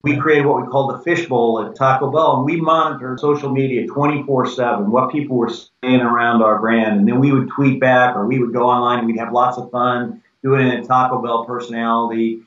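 An older man, a former company president, telling business stories in a lively conversational way, acting out quoted dialogue as he goes. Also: medium pitch, a little fast, few pauses. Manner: animated anecdotes with quoted dialogue. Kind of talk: conversational storytelling. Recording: echoey, distant, dull sound.

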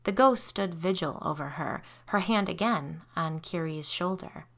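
A woman hosting a podcast, narrating a first-person story with expressive reading that drops low and soft for the tense parts. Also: unhurried.

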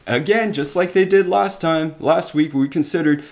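A man's voice: fairly high pitch, moderate pace, vocal fry, a little mellow. A man teaching a Bible study, retelling scripture stories in plain everyday words with restarts and asides.

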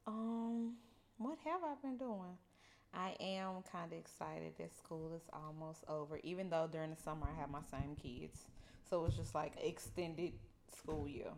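A woman co-hosting a podcast, chatting in an unhurried way that trails off softly. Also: sits low, steady tone, a little hiss or hum. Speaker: podcast co-host. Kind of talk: casual chat.

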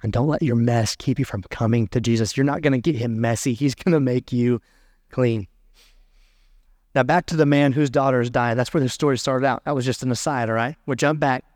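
A man's voice: medium pitch, steady tone, darkish tone, no room sound, clean studio sound. Man preaching a conversational sermon. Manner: conversational preaching, reading scripture aloud with pauses. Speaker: pastor.

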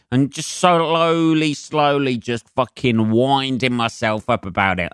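A man's voice: medium pitch, a little slow, hardly any pauses, clean tone, no room sound, clean studio sound. Sweary man ranting solo. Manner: sweary, ranting, winds himself up. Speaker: comedian podcast host. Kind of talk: solo comedic monologue.

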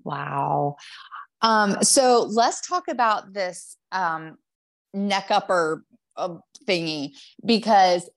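A woman's voice: medium pitch, animated, drawn-out words. A woman podcast host talking reflectively and earnestly, sometimes searching for her words. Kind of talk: reflective interview conversation.

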